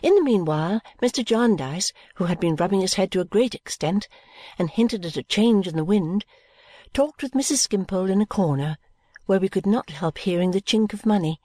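Expressive woman reading a classic novel. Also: mid-range voice, moderate pace, no room sound. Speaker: audiobook narrator. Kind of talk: scripted narration.

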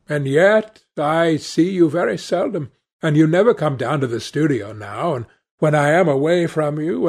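A man reading aloud, voicing a grave, earnest gentleman painter who speaks with measured seriousness. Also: on the high side, creaky.

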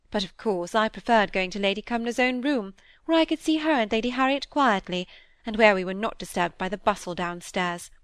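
A woman's voice: a little high, dry recording, close to an everyday voice. Gushing, name-dropping genteel lady voiced by a woman reader, storybook, dry close sound. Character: chattering genteel middle-aged woman, pleased with herself.

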